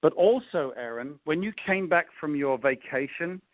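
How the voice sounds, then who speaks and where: A man with an English accent coaching on a call, talking through sales invitation scripts in a relaxed, conversational way with frequent ums and restarts. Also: fairly high pitch, moderate pace, no echo, muffled recording. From England. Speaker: network marketing coach.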